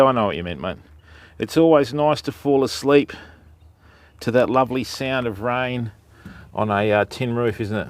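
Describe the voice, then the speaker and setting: A man's voice: medium pitch, moderate pace, dry recording. A middle-aged Australian man hosting an outdoor fishing livestream, casually greeting viewers by name as he talks. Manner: greets viewers by name, laid-back and chatty. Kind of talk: casual live-stream chat. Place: outdoors by a river on private property.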